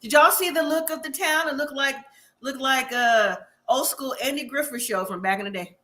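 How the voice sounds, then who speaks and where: Woman co-host, casual live review chat; high, bright, animated and quick to laugh. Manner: animated, laughs often, asks rhetorical questions. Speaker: podcast co-host.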